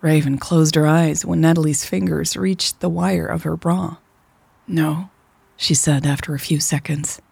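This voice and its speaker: A woman narrating a serialized romance story in a soft, unhurried reading voice. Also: deep voice, steady tone, creaky, slightly rough, dry recording, faint music behind. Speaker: podcast storyteller.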